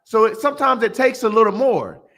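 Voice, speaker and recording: A man's voice: extremely high pitch, expressive, fairly quick, fairly bright tone. A man teaching a religious class in a blunt, emphatic, preachy way, repeating lines for effect.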